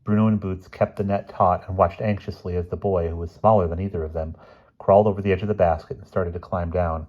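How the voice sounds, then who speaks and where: Low, husky male reader for a children's book, steady. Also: fast. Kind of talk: reading a children's novel aloud. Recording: dull lo-fi recording.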